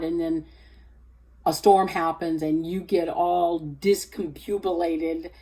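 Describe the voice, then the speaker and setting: A woman sharing a personal faith testimony, halting and hesitant with many fillers, growing more animated when she retells scripture. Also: slightly rough, low-quality recording. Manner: rises in pitch and energy when retelling scripture.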